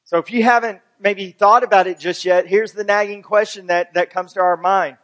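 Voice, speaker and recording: High-voiced preaching pastor. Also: male voice, steady tone, moderate pace. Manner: builds from quiet teaching to fervent, rising preaching; reads scripture aloud and explains it. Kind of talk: sermon.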